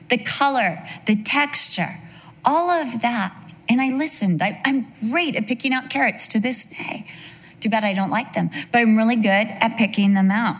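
A middle-aged woman teaching a sermon, telling personal stories and acting out quoted voices with humorous asides. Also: fairly high pitch. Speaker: women's Bible teacher.

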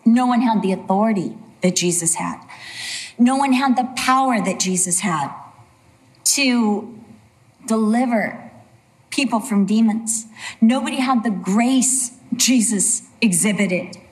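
A woman's voice: on the high side, a little slow. A woman preacher giving a sermon, earnest and emphatic, with a lot of repetition.

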